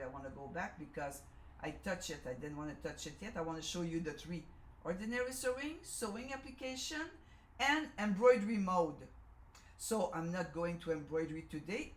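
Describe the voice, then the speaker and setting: French canadian lady demoing a machine, talks slow, keeps saying okay, roomy echo. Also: medium pitch, fairly bright tone. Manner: chatty, self-correcting, often asks "okay?". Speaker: sewing machine educator. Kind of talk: live product demonstration. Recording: echoey room.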